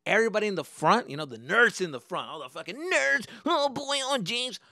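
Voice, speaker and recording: Young dude podcaster, swearing a lot, bright voice, lively, dry close sound. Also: male voice, high-pitched, brisk, creaky, dry recording. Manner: animated, profane, slangy. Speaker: podcast host. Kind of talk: casual storytelling.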